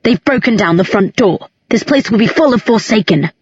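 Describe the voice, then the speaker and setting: A woman's voice: mid-range voice, lively intonation, moderate pace, darkish tone, husky, no echo. A woman voicing a fierce, defensive young man in an audiobook, clipped and intense. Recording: dull, muffled recording.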